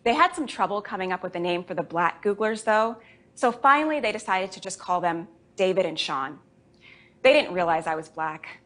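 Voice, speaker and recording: A woman born in Jamaica hosting a comedy show, delivering a deadpan stand-up monologue. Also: medium pitch, moderate pace. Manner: deadpan, dry delivery with put-on voices for family.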